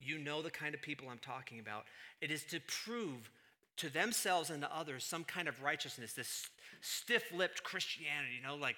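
A male pastor delivers a sermon in a very bright, somewhat high voice. He drops to hushed asides and then climbs into loud, punchy emphasis. The preaching is animated and direct. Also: normal speed.

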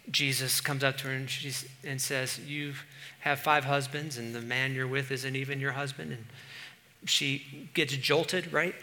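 A middle-aged man preaching a sermon as pastor, animated, swinging from quiet asides to loud bursts. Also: a little high.

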